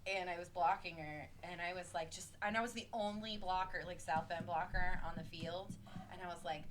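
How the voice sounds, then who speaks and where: A woman player casually telling a story, animated and laughing as she talks. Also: on the low side, fairly quick, a little hiss or hum. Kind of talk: casual chat.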